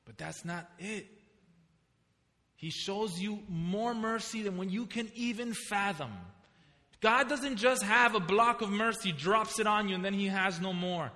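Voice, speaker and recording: High, bright-voiced man preaching a sermon. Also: a little slow. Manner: storytelling preacher, animated, asks the congregation questions. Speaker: pastor. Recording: reverberant hall.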